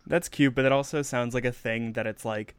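Man, podcast co-host, casual rambly banter, mid-pitched, dry close sound. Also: fairly even intonation, a little fast, clean tone, dry recording. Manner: rambling, self-interrupting, joking. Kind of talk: casual chat.

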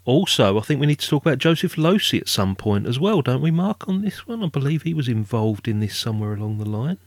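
A British man co-hosting a relaxed film podcast, reading out release dates, cast lists and plot summaries before checking in with his co-hosts. His voice sits at an everyday middle pitch and is recorded close, with a very dry sound and no room echo. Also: fast talker. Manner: reads film details, then chats and checks with co-hosts. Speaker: podcast co-host. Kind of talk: casual film discussion.

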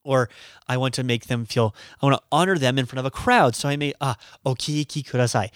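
A man's voice: mid-range voice, fast talker, a bit bright, clear, resonant tone, no echo, studio quality. A man giving a casual video lesson as a language teacher, chatty and laughing at his own jokes.

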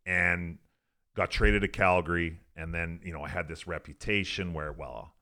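Telling a long, rambling and profane story in a laid-back interview, the former pro hockey player from Alberta, Canada leans on "like" and "I'm like" throughout. His low voice is steady, bright and forceful, delivered at normal speed.

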